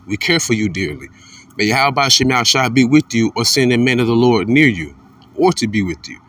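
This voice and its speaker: A man preaching in a loose, informal monologue, blunt and profane, circling back over his points. He is mid-pitched and sits a little back from the mic, so he sounds distant. He swings from heated outbursts to low muttering. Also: expressive, brisk, a bit bright. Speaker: religious commentator.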